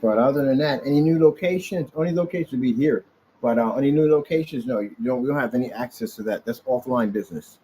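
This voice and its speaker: A man's voice: mid-range voice, quick pace, dark tone, a little hiss or hum, poor audio. A man in a casual off-the-cuff vlog rant, rambling about his business and taunting his critics directly, sometimes stretching out words for emphasis. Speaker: small business owner vlogging. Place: office indoors.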